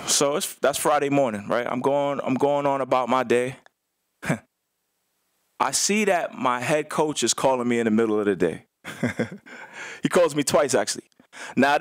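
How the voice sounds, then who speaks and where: A man's voice: mid-range voice, no echo, clean studio sound. A man, a former assistant basketball coach, telling a story on a radio show in casual slang, acting out other people's lines.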